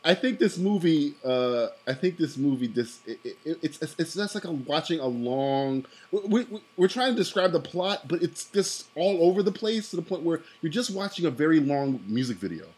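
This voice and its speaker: A man's voice: fairly high pitch, sing-song, moderate pace, hardly any pauses, a little mellow, husky. A man in casual podcast chat reviewing a movie, rambling, laughing often, swearing and acting out lines from the film. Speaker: podcast co-host.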